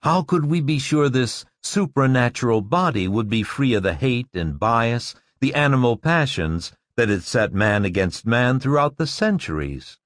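A man's voice: medium pitch, very animated, normal speed, hardly any pauses, no room sound, studio quality, lightly acted. A man voicing a confident lecturing school director. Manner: declamatory, lecturing.

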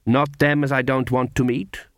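Man doing a curt old swamp hermit woman, slow and short-spoken, dry read. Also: medium pitch, level tone, dry recording, natural voice. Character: terse, reclusive swamp-dwelling old woman.

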